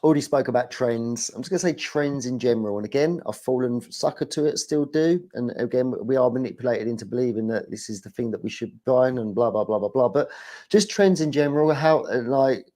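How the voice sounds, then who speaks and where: A man's voice: medium pitch, brisk, warm tone. A middle-aged man, chatting casually as a guest on a livestream, rambling and laughing often.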